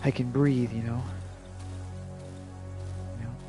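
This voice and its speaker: A man's voice: mid-range voice, little pitch movement, takes it slowly. A man streaming a game live, rambling casually and laid-back, with lots of "like" and "you know". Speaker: gaming streamer. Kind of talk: casual live gameplay commentary. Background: game music.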